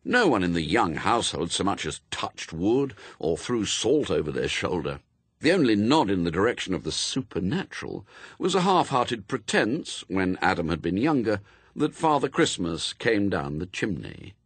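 A man narrating a novel in a wry, expressive storytelling manner, recorded close and dry. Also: sits low, normal speed, husky, no echo. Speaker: audiobook narrator. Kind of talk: scripted narration.

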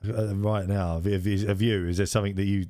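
A man's voice: lowish voice, little pitch movement, a little fast, dark tone, dry recording, studio quality. A man in his forties, co-hosting a podcast and rambling through a funny story while laughing at himself. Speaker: podcast co-host. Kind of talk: casual storytelling chat.

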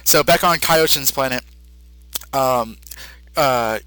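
A man's voice: medium pitch, takes it slowly, pushed and bright, clean tone, no echo. A young man hosting a podcast, casually recapping an episode with rambling asides and acted-out quotes. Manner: rambling, laughs and acts out quotes. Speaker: podcast host.

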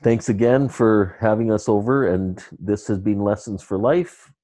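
A man's voice: on the low side, measured pace, mellow, no room sound. A man hosting an interview podcast, easygoing and laughing along as he wraps up.

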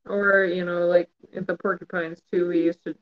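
A man with a rather high voice talks casually, pausing often with fillers and trailing off mid-thought. The sound is a little muffled. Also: level tone. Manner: hesitant, trailing off with fillers and laughs. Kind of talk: casual chat.

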